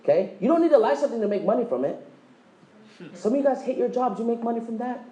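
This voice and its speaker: A man with a high, bouncy voice pitches a business to a live crowd, cracking jokes and firing questions at the room. His tone is mellow and dark-edged rather than sharp. The sound is echoey, as in a meeting room. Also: animated. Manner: joking, quizzes the audience, acts out quick dialogues. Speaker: presenter at a direct-sales meeting. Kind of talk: motivational sales presentation.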